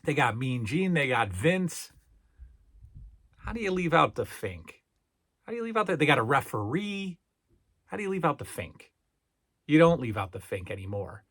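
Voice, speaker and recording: A man's voice: a little high, very animated, normal speed, pauses often, fairly bright tone. A middle-aged man hosting a toy review vlog, with emphatic, salesman-like patter and repeated phrases as he talks to his viewers. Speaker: toy collector channel host.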